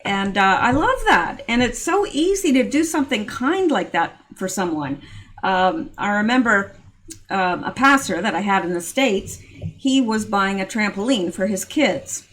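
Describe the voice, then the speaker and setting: A woman's voice: mid-range voice, animated, a little slow, fairly bright tone. Woman host just chatting to her viewers, earnest, rambly, lots of ums and restarts. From Canada. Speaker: political commentary channel host. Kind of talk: casual commentary.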